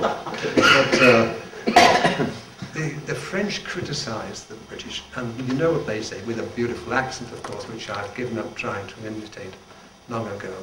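An older man, a retired church leader, giving an informal, humorous devotional talk with chuckling asides to a band at practice. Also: mid-range voice. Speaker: retired Salvation Army general leading devotions. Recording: echoey, distant, noisy room recording.

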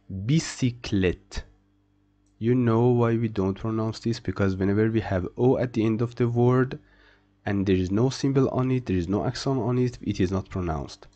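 Brief: male tutor, unhurried drilling delivery, mellow tone, repeats words for learners. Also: on the low side, muffled recording. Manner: repeats each word slowly, then translates. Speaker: French teacher. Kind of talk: slow beginner pronunciation lesson.

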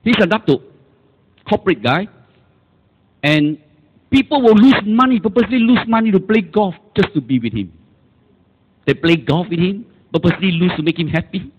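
Emphatic Malaysian pastor preaching, lively pitch. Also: male voice, normal speed, pauses often, slightly rough, highs cut off. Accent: Malaysian English. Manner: emphatic, calls for amens and repetition. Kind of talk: sermon.

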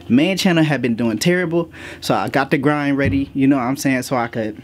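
A man's voice: medium pitch, brisk, slight background noise. A man hosting a casual gaming vlog from his home office, slangy and a little out of breath, talking straight to his viewers. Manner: slangy, talks straight to viewers with lots of asides. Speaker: gaming YouTuber host.

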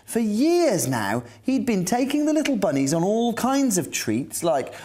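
A nervous, fussy storyteller from a children's puppet show who frets aloud before reading, as a woman acts it out. The voice sits at a middling pitch and rises and falls a lot. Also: sing-song, measured pace, a crowd in the background. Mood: fretful. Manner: frets aloud, then reads the story warmly.

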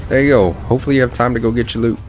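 A man streaming a video game, talking through the action in casual commentary with excitable, self-mocking reactions. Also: medium pitch, rapid-fire, a little hiss or hum. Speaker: gaming streamer.

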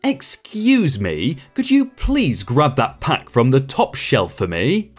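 A man voicing an entitled woman shopper making a slow, overly polite request. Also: rumbling low, wildly swooping pitch, husky, faint music behind, full character voice. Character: entitled woman asking a favor.

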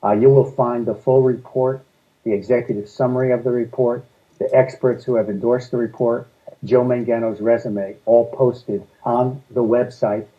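A man's voice: mid-range voice, moderate pace, dull audio. A man being interviewed as a guest, laying out his points steadily and in order. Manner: steady, methodical, lists points in sequence. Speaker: guest, energy policy advocate. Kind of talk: earnest interview answers.

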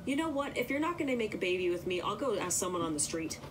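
A woman voicing an impulsive young adult daughter who pleads in a high, breathless voice. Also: very animated, quick pace, noisy background, natural voice. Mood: pleading. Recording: background music under voice.

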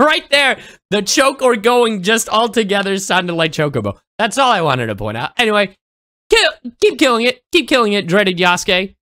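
A man hosting a reaction video, cracking jokes and exclaiming loudly, then muttering asides. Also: high voice, big pitch swings, normal speed. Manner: exclamatory, joking, swings between loud and mumbled. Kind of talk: comedic reaction commentary.

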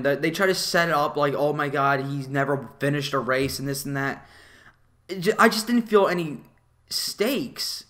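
A young man with a bright, forceful voice that sits a little high gives a casual film review. He rants bluntly and swears freely, and his delivery is animated. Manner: blunt, animated, profane ranting. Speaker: movie reviewer.

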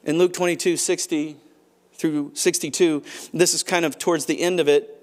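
A man preaching a sermon as pastor, moving between hushed, quiet stretches and loud, pressing passages, often restarting his phrases. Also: on the high side, fairly even intonation, moderate pace. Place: large church auditorium.

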